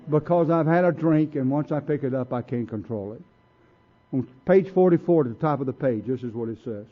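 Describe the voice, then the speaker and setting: An older man speaking at a recovery meeting, telling his own story in a blunt, folksy way. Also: medium pitch. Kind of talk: personal recovery testimony. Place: meeting room. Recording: tinny lo-fi tape recording.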